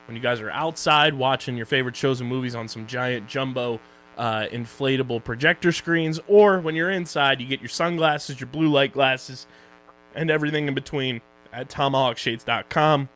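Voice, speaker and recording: A man's voice: mid-range voice, moderate pace, a bit bright. A young man co-hosting a casual podcast about streaming shows, joking loosely as he runs through social plugs and sponsor reads. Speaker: podcast co-host.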